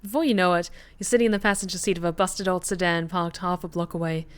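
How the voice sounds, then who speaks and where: A woman streaming a story game, reading the narration aloud in a lively way and chatting back to her viewers. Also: lowish voice, fast.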